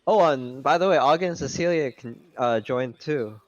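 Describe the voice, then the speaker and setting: Excitable young man at a game table. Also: medium pitch, normal speed, no room sound, highs cut off. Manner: excitable, laughs between lines. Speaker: player. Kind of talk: casual chat at a game table.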